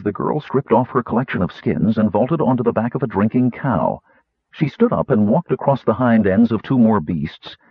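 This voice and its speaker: Low, husky male audiobook narrator. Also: dry recording. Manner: lively, expressive reading. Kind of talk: scripted narration. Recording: thin phone-like dry audio.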